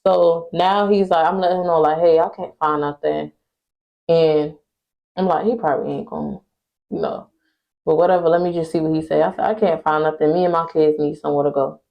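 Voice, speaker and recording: A woman's voice: low-pitched, a little fast, vocal fry. A young woman, venting to her viewers in a casual storytime about her home. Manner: exasperated, venting, talks straight to viewers. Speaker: vlogger. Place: at home indoors. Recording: muffled lo-fi phone audio.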